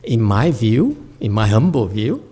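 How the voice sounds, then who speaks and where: Dharma teacher guy, joking around, mellow low-key tone, playful q&a talk. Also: very animated, measured pace, husky. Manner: playful, teasing, acts out voices and laughs. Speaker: meditation teacher answering questions.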